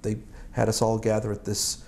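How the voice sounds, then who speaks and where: A man's voice: on the low side, monotone, moderate pace, vocal fry, darkish tone, a little hiss or hum. A man in his sixties from Boston, an Army veteran recalling his service in an oral history interview, rambling and chuckling with many fillers and restarts. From Boston, United States.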